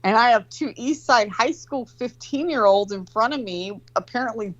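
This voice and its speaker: A woman's voice: fairly high pitch, moderate pace, no echo. Woman in her 40s swearing her way thru a rambling story, kinda muffled sound, dry. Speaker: co-host telling a story. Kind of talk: casual chat.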